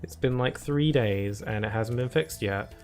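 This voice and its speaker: A man's voice: mid-range voice, measured pace, a little mellow. Chatty male game streamer. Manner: chatty and rambling, talks to chat between laughs. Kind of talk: casual live-stream commentary.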